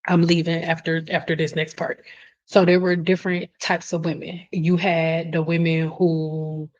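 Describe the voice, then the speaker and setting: A blunt, fired-up woman talks to her viewers in casual live-stream chat. Her voice sits fairly low, and she doesn't hold back on the swearing. The sound is dull and lo-fi. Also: level tone, measured pace. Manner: blunt, passionate, swears freely. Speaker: hair care host answering live chat.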